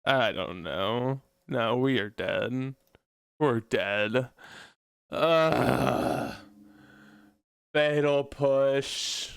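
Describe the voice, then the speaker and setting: Man, casual card game commentary, slow and smooth delivery, pleads and groans at every bad draw. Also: medium pitch, dry recording, studio quality. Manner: pleads and groans at bad luck, loud anguished outbursts. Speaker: gameplay commentator.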